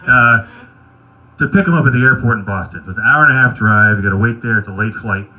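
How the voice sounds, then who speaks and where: A man doing stand-up, telling wry, crude anecdotes in a deadpan way. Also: on the low side, fast talker, lo-fi sound. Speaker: stand-up comedian. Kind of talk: stand-up storytelling at an open mic.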